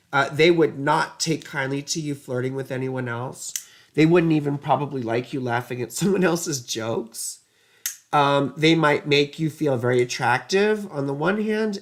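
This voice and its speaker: A woman giving a casual astrology reading, chatty and rambling, drifting into side stories. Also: low-pitched. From United States. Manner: rambling, digressive, chatty, self-mocking.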